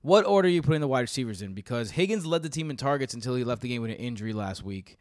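A man's voice: medium pitch, expressive, rapid-fire. A man hosts a fantasy football discussion in a chatty, easygoing voice, throwing questions to his co-hosts. The sound is dry, with no room echo. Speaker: fantasy football podcast host. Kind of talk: casual sports chat.

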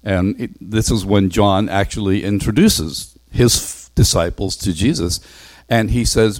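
A low-voiced man retells a Bible story with animated flair, slipping into the characters' voices as he goes. The sound is dry and close, with no room echo. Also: measured pace. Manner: animated, acts out dialogue, self-correcting. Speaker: Bible teacher.

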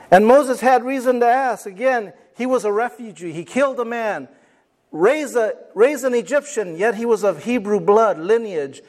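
High-voiced preacher acting out scripture. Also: male voice, moderate pace. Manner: animated, acts out quoted voices; call and response with congregation. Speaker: pastor. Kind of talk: sermon.

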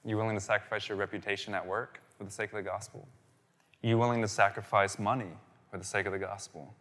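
A man's voice: lowish voice, little pitch movement, quick pace, fairly bright tone. Conversational man preaching in a big hall. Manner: conversational, storytelling, asks "right?" often. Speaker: pastor. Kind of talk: sermon. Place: church.

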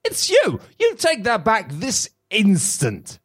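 A man voicing a bee in a squeaky, shrill, indignant voice. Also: huge pitch swings, takes it slowly, a bit bright, breathy edge, heavily acted. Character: excitable high-pitched bee.

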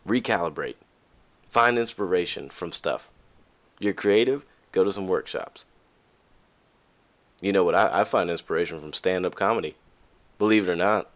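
A man hosting a podcast, talking candidly and casually to listeners, with frequent fillers and restarts, and his voice jumps up high when he stresses a point. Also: normal speed, long pauses. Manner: lively, pitch jumps high for emphasis. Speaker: podcast host. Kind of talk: casual motivational monologue.

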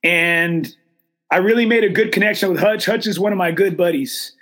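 A man's voice: high voice, normal speed, pushed and bright. A man hosting a casual chat, earnest and grateful, peppering his talk with "man" and "dude". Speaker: host.

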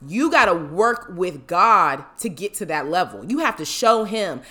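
A woman's voice: mid-range voice, sing-song, moderate pace, few pauses, bright, forceful tone, soft background music. A woman giving a casual motivational talk about faith, emphatic and preachy, acting out the voices she quotes. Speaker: motivational speaker.

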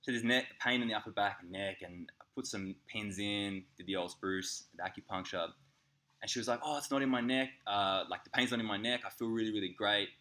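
An Australian man, an acupuncturist, telling a funny story in casual podcast chat, animated and laughing as he acts out the people in it. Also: lowish voice, brisk. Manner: animated, laughing, swearing, acts out voices in anecdotes.

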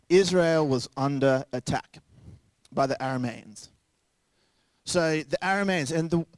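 A young man delivering a sermon at a middle pitch. He keeps it casual and joking and acts out the people he quotes. The sound is close and dry, with no room around it. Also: a little mellow, dry recording. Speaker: pastor.

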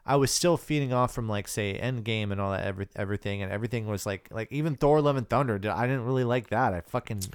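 A man's voice: fairly low pitch, fast, hardly any pauses, clean tone, no room sound, clean studio sound. A man co-hosting a podcast in casual movie chat, easygoing, with many fillers and frequent laughs. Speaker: podcast co-host.

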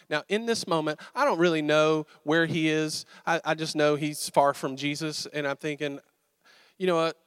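Male pastor, slightly high voice, dry close sound, chatty storytelling sermon. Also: smooth, no room sound. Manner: casual storytelling, animated and conversational.

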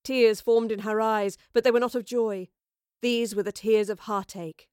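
A woman narrating an audiobook in a measured, expressive reading. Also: a little high, clear, resonant tone, no room sound, clean studio sound.

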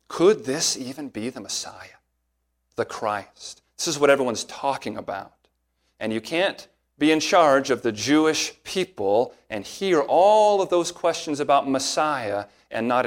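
Earnest male pastor preaching. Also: mid-range voice. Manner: earnest, emphatic, varies pace for emphasis. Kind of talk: expository sermon.

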